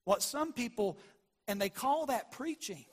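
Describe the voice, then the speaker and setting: A man preaching a sermon as a pastor, passionate, moving between hushed and loud delivery. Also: extremely high pitch, lively intonation, a little slow, husky. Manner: passionate, shifts from quiet to loud.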